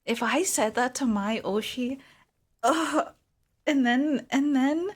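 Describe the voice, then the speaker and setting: A woman's voice: high voice, slow pace, slightly rough. A woman streamer in casual, giggly, self-mocking chat, often slipping into a whisper. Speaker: VTuber streamer.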